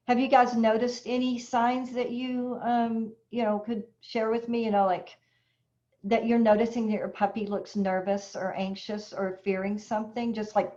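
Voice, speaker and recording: A woman's voice: mid-range voice, a little mellow. A woman dog trainer teaching an online puppy class in a chatty way, explaining with everyday examples. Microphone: video call. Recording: dull lo-fi video call audio.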